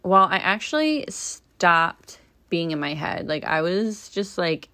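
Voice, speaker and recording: A woman's voice: lowish voice, sing-song, takes it slowly, sharp tone. A young woman hosting her podcast as a doula, chatting in a casual, opinionated way and laughing often.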